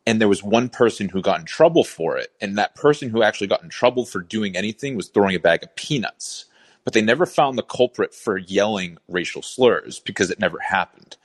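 A male caller from Boston with a low, deep voice. He builds his case steadily, point by point, in a calm and assertive way. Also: brisk, husky. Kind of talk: call-in opinion.

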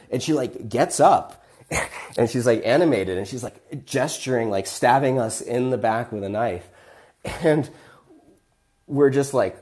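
A man hosting a podcast who tells a personal story in a chatty, animated way, with frequent fillers and restarts. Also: mid-range voice, moderate pace. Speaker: podcast host.

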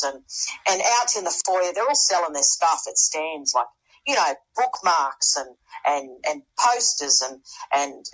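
A middle-aged woman, speaking as a podcast guest. Her voice is husky and sits fairly low. She tells her story in a loose, animated way, stumbles over restarts, and jumps up in pitch to play the people she quotes. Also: rough recording. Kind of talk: casual storytelling.

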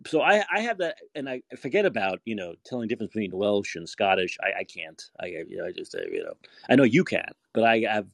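A man's voice: fairly low pitch, huge pitch swings, quick pace, creaky, no echo. An American man with a New York accent, hosting a podcast and chatting in a rambling, repetitive way. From United States. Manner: chatty, rambling, repeats himself. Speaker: podcast host. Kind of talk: casual podcast chat.

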